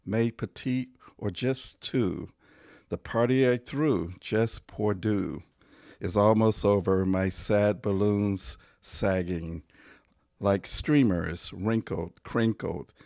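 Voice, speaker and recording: A man, a poet, reading his own poems aloud in a measured, deliberate way, pausing between phrases, his voice going hoarse. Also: lowish voice, darkish tone, no echo, clean studio sound. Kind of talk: poetry reading.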